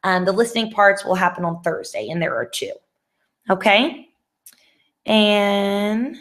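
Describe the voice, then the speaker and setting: A woman's voice: medium pitch, a little slow, long pauses, fairly bright tone. Young female teacher, casual and patient, thinks aloud on a laptop video call. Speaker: Spanish teacher. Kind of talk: online class review session.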